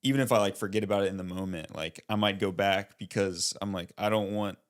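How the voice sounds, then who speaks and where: A young man co-hosting a podcast in loose, easygoing talk. His voice is on the low side. He rambles with many fillers and lobs playful questions at his co-host. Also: steady tone, fast. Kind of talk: casual chat.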